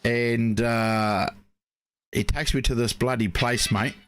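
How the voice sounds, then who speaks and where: A New Zealand man co-hosts a relaxed live racing chat and wanders through his stories with plenty of fillers. His voice sits at a middle pitch, recorded close and dry with no room sound. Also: slow pace, dry recording, faint music behind. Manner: rambling, chatty storytelling with many fillers. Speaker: co-host. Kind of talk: casual live-stream chat.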